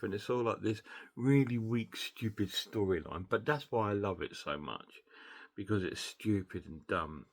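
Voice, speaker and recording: A man with a fairly low voice talks through a film's plot in a loose, chatty way. He rambles, restarts his sentences and fills gaps with fillers as he goes. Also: a little slow. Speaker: film reviewer. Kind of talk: casual film recap.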